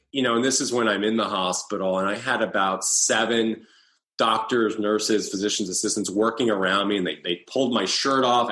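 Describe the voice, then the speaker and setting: A man in his thirties speaks as an interview guest, telling his own story in a halting, restarting way. His voice sits fairly low. The recording carries a noticeable roomy echo. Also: pushed and bright. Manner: halting, with many restarts and fillers. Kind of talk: personal storytelling in conversation.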